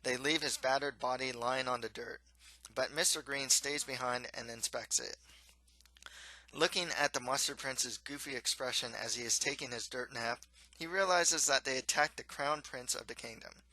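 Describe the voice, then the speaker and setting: A man reading his own storybook aloud in a steady, plain manner. His voice is very bright and cutting. The sound is dry and close, with no room around it. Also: medium pitch, normal speed, no room sound, low-quality recording. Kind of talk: storybook narration.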